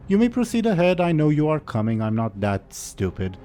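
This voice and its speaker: A man's voice: on the high side, very animated, a little fast, warm tone, faint music behind, voice pushed up. A man voicing a haughty disembodied ethereal lord who speaks with cold disdain in a tabletop game. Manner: disdainful, superior.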